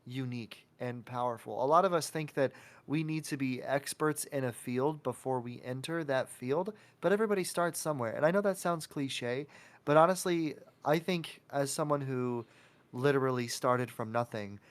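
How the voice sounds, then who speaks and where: A man's voice: medium pitch, moderate pace. A man hosting a podcast interview, talking casually and giving an encouraging, motivational pep talk. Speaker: podcast host.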